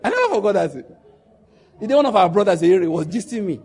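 Husky Nigerian man telling stories. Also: high voice, quick pace. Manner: animated, laughs while telling stories, jumps into pidgin quotes. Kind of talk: casual storytelling monologue.

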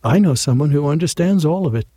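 A man's voice: fairly high pitch, lively intonation, fast talker, mellow, no room sound, studio quality. A man doing a breezy, coaxing woman con artist. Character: sly, fast-talking woman con artist.

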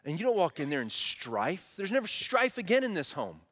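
Man, pastor, animated sermon, bright forceful voice, long hall echo. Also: high voice, normal speed, husky. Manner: animated preaching, asks the congregation questions.

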